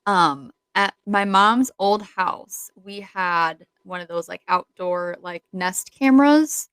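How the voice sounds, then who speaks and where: On a low-quality recording with a clean tone and no room sound, a young female podcast co-host talks slowly in a slightly bright, mid-range voice. Her casual chat is rambling and giggly, packed with fillers.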